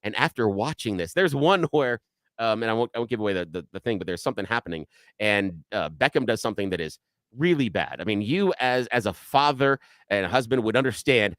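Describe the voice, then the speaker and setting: Radio host guy chatting, lowish voice that swings all over, acts out little voices, dry studio sound. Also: brisk, no room sound. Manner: animated storytelling, acts out voices of others. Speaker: radio talk show host. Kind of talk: casual on-air chat.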